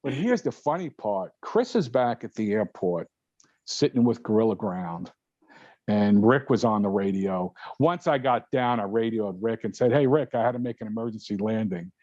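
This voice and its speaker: A man's voice: lowish voice, normal speed, no room sound. Older man telling a story on a dull line. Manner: animated storyteller, acts out voices, laughs often. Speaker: guest pilot. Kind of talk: casual storytelling. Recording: dull lo-fi sound.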